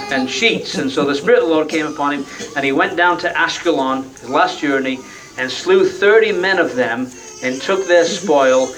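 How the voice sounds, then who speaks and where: Male preacher, folksy, conversational sermon, rhetorical tag questions, a bit high-pitched, heard from a little off-mic. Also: recorded from a distance, poor audio.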